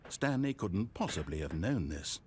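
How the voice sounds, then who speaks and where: A dry, all-knowing narrator in a video game, speaking in a measured, theatrical way. His voice ranges widely from low to high, and it has a slightly husky grain. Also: sing-song, full character voice. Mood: wry narration. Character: dry omniscient male storybook narrator of a game. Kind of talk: scripted narration.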